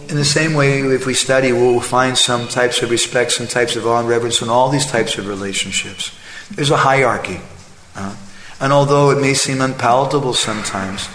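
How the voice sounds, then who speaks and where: A man's voice: medium pitch, a bit bright, slight background noise. A male preacher giving a conversational sermon, telling a story and often checking in with the audience. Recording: echoey hall, faint ambience.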